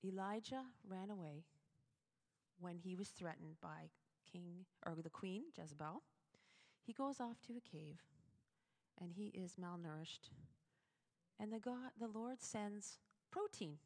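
A woman's voice: fairly low pitch, a little slow, long pauses. Chatty woman giving a devotional talk. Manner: chatty, animated, with sudden loud emphasis. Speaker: devotional speaker. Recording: long hall reverb.

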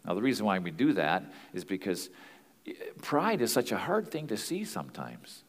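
A man's voice: on the low side, wildly swooping pitch, normal speed, in a large hall. A man teaching as a pastor and marriage counselor, earnest and plain-spoken in a conversational way.

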